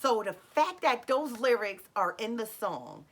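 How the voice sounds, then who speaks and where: A woman telling a personal story to her viewers in a casual, animated way. She acts out what people said and talks to her audience directly. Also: a little high, a little slow.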